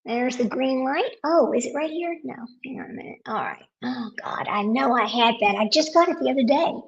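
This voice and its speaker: A woman's voice: high voice, brisk, creaky, dull audio. A woman hosting a casual live stream, talking to viewers while searching her computer and getting frustrated.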